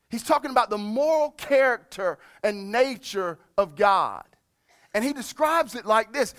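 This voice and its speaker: A middle-aged pastor preaching with a high, lifted voice for a man. He leans hard into scripture, slowing down and pushing up in pitch, then sinks low and quiet when he turns reflective. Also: expressive. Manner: emphatic preaching, slows and rises on scripture, drops soft on reflection. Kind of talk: sermon.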